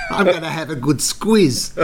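A man's voice: on the high side, huge pitch swings, slow, noisy background, voice pushed up, heavily acted. A man putting on a brash cheeky bloke. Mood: gleeful. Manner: blunt and gleeful.

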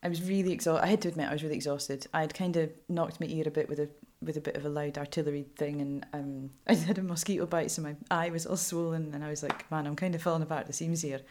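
A Scottish woman journalist talking frankly in an interview, animated and laughing often. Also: low voice, fast talker, few pauses. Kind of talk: candid interview storytelling.

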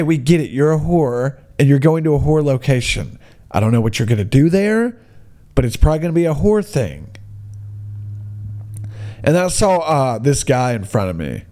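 Excitable, blunt man telling a story. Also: fairly high pitch. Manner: blunt, excitable, says "dude" a lot. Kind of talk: casual ranting storytelling.

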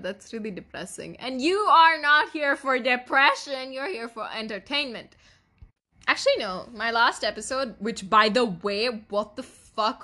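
A young woman talks alone on her podcast in a candid, confessional way. Her voice is bright and sits a little high. She laughs often, swears casually, and sounds teary at times. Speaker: podcast host. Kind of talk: confessional solo podcast monologue.

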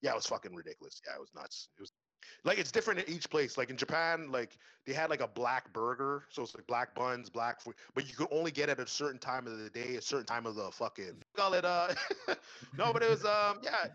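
A man's voice: mid-range voice, very animated, a little fast, bright, forceful tone, dry recording, dull audio. A young man telling stories in casual chat, rambling and profane, full of fillers and restarts.

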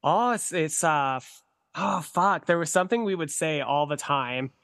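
A man's voice: on the high side, expressive, normal speed, fairly bright tone. A man guesting on a podcast, chatting playfully and hamming up mock accents. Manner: playful, hams up mock accents, laughs a lot. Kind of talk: casual chat.

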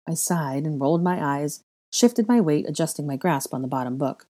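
A woman's voice: low voice, fairly quick, warm tone. A woman expressively reading a story aloud as narrator. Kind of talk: fan fiction reading.

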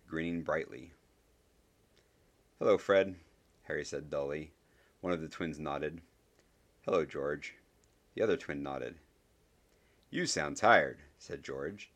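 Man, very low voice, audiobook narration, measured and dry. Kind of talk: scripted narration.

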